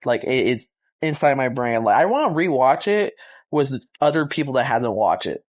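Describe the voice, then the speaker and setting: A young man casually reviewing a movie, excited and rambling, full of slang and fillers. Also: mid-range voice, moderate pace.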